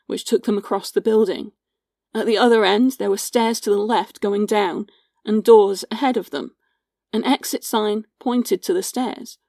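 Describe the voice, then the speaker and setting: A woman hosting a podcast, giving scripted history narration in a measured, sombre storytelling manner and reading out witness accounts. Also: mid-range voice, creaky, a little mellow, no room sound, clean studio sound. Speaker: podcast host.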